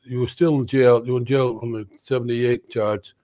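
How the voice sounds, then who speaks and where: A man chimes in during a casual conversation with short, dry remarks and wry asides. His voice is at an ordinary male pitch. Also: level tone, normal speed, mellow, dry recording. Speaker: defense attorney guest. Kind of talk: casual chat.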